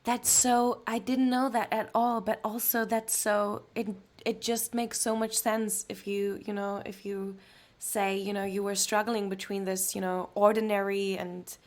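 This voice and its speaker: A woman hosts a casual podcast interview and speaks at an unhurried, slow pace. She listens closely, offers soft acknowledgements, and shares her own thoughts in an easy conversational tone. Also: mid-range voice, flat delivery. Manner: attentive, soft backchanneling listener. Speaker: podcast host.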